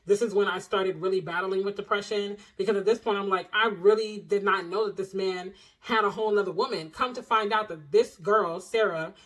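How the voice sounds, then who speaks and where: A young woman chatting to her viewers in a casual storytime vlog. Her pitch sits in the middle of the range. She tells the story in an animated, expressive way, with plenty of slang and direct asides to the audience. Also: brisk, few pauses, low-quality recording. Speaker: vlogger telling a personal story.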